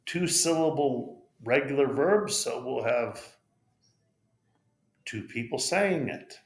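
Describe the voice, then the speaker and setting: In a pronunciation lesson with a roomy echo, an American-accented man spells out letters and patiently models each English word. His voice is mid-range, with lively intonation, and he takes his time.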